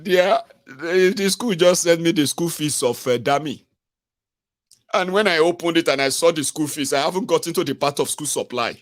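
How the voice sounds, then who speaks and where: A man's voice: on the high side, dry recording, clean studio sound, lightly acted. Man playing a distraught Nigerian husband. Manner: halting, self-pitying confession. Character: distraught middle-aged husband hiding in the bathroom.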